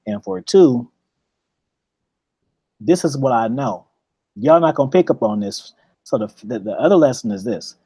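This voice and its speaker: A man's voice: mid-range voice, lively intonation, normal speed, long pauses, warm tone, slightly rough, no echo. A man in casual chat, telling a long rambling story with lots of profanity and repeated words.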